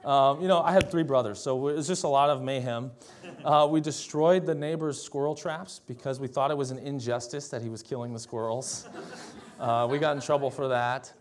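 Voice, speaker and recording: A young man from Minnesota giving a sermon, telling a childhood story in a relaxed, conversational way and often asking "right?". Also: medium pitch, fairly quick. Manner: conversational storytelling, tag questions and laughter. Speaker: pastor.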